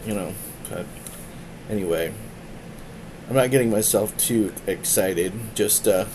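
A man's voice: sits low, unhurried, pauses often, noisy background. A man casually chatting on a live stream, rambling and self-deprecating as he mutters to himself while changing settings.

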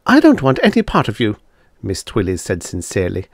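A man's voice: lowish voice, huge pitch swings, brisk, creaky, no room sound, studio quality, exaggerated voice. A man voicing an indignant thirty-eight-year-old spinster who snaps sharply, in a storybook reading. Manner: sharp, snapping.

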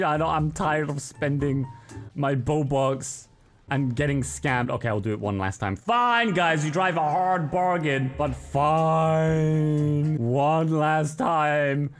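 A young man doing live gameplay commentary as a streamer, swinging between loud, swearing outbursts and low, sulky grumbling. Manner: swears freely. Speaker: gaming streamer.

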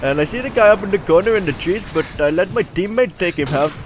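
High-voiced rambling gamer guy. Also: fast talker. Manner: rambling, excitable, swears often. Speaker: gamer commentating his own match. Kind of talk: casual gameplay commentary.

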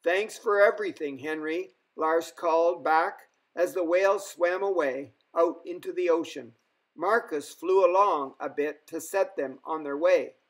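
A man telling a children's story in an unhurried, expressive way. His voice sits fairly high for a man. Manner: slow, expressive. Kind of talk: children's story read-aloud.

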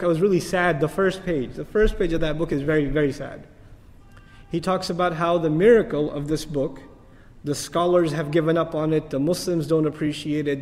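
Fast-talking high-voiced male lecturer. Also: in a large hall. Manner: animated, rising to emphatic peaks and dropping to soft asides; recites Arabic verses in quick chanted bursts. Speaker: Islamic lecturer. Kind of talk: lecture on the Quran.

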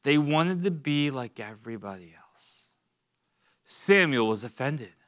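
A young man gives a relaxed, chatty sermon at church, his voice bright and forward with a clean, ringing clarity. He teaches in a friendly, conversational way, slipping in quick jokes and asides and sometimes repeating a word as he gathers his thoughts. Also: mid-range voice. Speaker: pastor.

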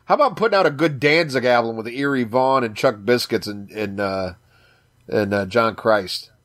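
Moderate in pace and mid-range in pitch, his fairly bright voice carries a Chicago accent through casual podcast talk. The co-host is profane and effusive, doubling up on words as he goes.

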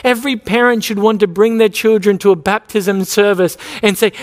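A man preaches from the pulpit, pressing his listeners with question after question. His voice sits high for a man. The sound carries a long reverb from the church around him. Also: steady tone, moderate pace, hardly any pauses. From Australia. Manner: earnest preaching, repeated rhetorical questions. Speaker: pastor. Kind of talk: sermon. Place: church sanctuary.

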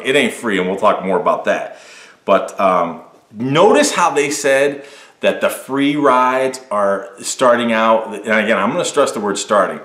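Deep-voiced guy ranting about a news clip, punchy rhetorical questions, roomy echo. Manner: animated, preachy, swings from loud rhetorical jabs to low asides. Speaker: podcast host.

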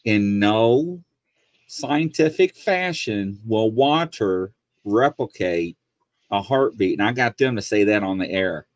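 Animated man telling stories. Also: on the low side, slow, dry recording. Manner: animated storyteller, acts out quoted people. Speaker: podcast host. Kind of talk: casual chat.

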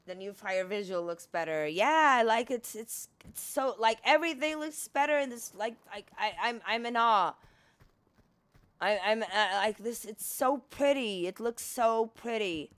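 A woman's voice: a little high, expressive, a little slow, fairly bright tone. A woman giving casual, chatty gameplay commentary, talking to the on-screen character and swearing freely. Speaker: gaming streamer.

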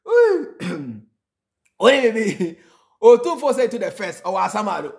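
A Ghanaian man with a fairly high voice gives heated reaction commentary. He hammers his points home by repeating lines, drifting now and then into a sing-song chant. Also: lively intonation, normal speed, gravelly. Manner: emphatic, mixing in snatches of singing and laughter, repeating lines for effect. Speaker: reaction video host.

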